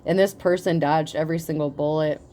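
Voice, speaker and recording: A woman giving a casual tarot reading, talking in a profane, animated way and laughing often. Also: low voice, fairly quick. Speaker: tarot reader.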